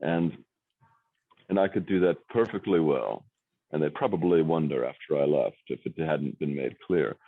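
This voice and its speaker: Very deep gravelly-voiced rambling man. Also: moderate pace, dry recording. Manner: rambling, self-searching, frequent restarts. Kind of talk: casual conversation. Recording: dry tinny phone-like sound.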